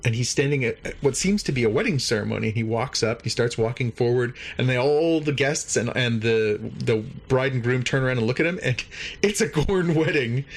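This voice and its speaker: A man hosting a podcast, recapping an episode in a casual, animated way and jumping into higher voices for the characters' lines. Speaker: podcast host.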